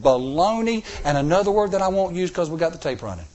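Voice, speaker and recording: Middle-aged male preacher, lively storytelling sermon, fairly high voice. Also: fast, few pauses. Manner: animated, rising to emphatic peaks. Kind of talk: sermon with personal stories. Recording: recorded sermon tape.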